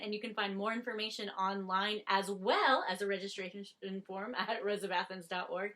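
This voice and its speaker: A woman's voice: medium pitch, a bit bright. A woman co-hosting a theater company webcast in a casual, upbeat manner with a Southern US accent. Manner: chatty, upbeat, with thank-yous and laughs.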